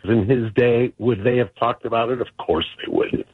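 A man calling a sports radio show, halting with many fillers and arguing with the host. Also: mid-range voice, slightly rough, dry recording. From Chicago. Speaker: caller. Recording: dull dry phone line.

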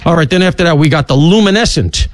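A middle-aged male talk radio host in full monologue, his fairly high voice leaping up and down as he fires off asides. The studio sound is dry and close. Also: dry recording. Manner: animated, swooping pitch, rapid asides.

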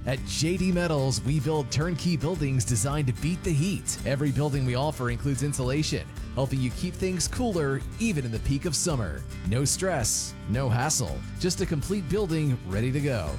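A man's voice: mid-range voice, lively intonation, moderate pace, music in the background. A man reading a local radio ad in a friendly, upbeat way.

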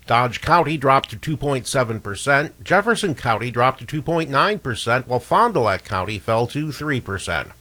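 A man reads a local radio news bulletin in a steady, formal manner. His voice sits at an ordinary middle pitch. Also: normal speed, few pauses. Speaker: newscaster.

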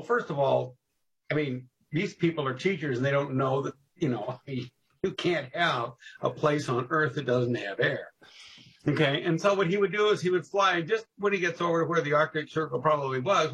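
Lively storyteller man with husky voice. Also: fairly high pitch, a little fast, muffled recording. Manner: animated, jumps into voices, laughs at his own stories. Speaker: guest storyteller on local history. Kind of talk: casual podcast storytelling.

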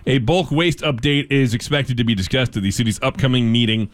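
A man's voice: mid-range voice, a little fast. A man hosting a local radio show, reading news items with casual asides and fillers.

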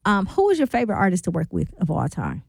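Lively woman radio host. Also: on the low side, fast talker, vocal fry, no echo, clean studio sound. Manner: warm, upbeat, laughs readily. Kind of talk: casual radio interview. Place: radio studio.

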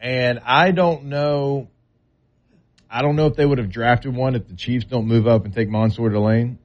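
A man's voice: mid-range voice, steady tone, normal speed, dull audio. A man talking football in a casual, drawling way, with loose everyday grammar, as a sports talk co-host.

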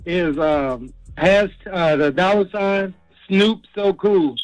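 Proud, high-voiced caller from Texas. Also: male voice, takes it slowly, no room sound, rough recording. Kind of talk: radio call-in.

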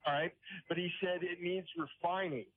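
A man's voice: high voice, fairly even intonation, moderate pace. A man calling in to a radio show, telling a long story in a rambling, hesitant way and often checking in with the listener. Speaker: caller. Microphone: telephone. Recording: tinny phone line on call-in radio.

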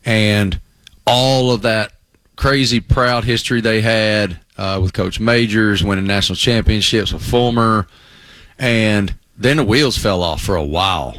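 A man co-hosting a sports radio show, talking eagerly and looping through asides. His voice has an ordinary pitch and is recorded dry and close in a studio. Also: a bit bright, no room sound. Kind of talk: casual sports radio chat.

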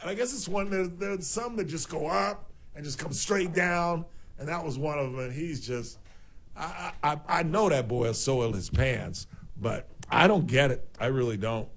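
Male talk host, rambling and animated, slightly higher pitch. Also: normal speed. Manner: rambling, animated storyteller, swears for emphasis. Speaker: radio show host. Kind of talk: casual talk radio chat.

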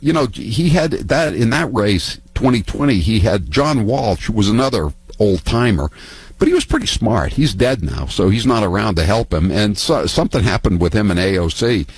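Husky older man. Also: lowish voice, no room sound. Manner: rambling, halting, many restarts and fillers. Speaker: political talk guest. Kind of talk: casual political storytelling.

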